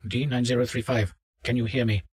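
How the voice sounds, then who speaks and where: A man's voice: medium pitch, steady tone, fairly quick, darkish tone, husky, voice pushed up, natural voice. A man voicing a polite, insistent male doctor giving orders over a headset. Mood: clinical.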